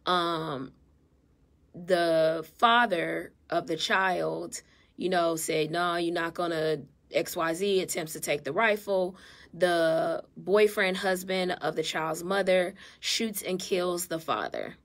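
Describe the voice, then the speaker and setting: A woman's voice: lowish voice, takes it slowly, a bit bright. A married mother and therapist, talking earnestly and with feeling in a casual live stream from her phone. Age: adult, married mother. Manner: earnest, heartfelt, emotional. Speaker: therapist and vlogger.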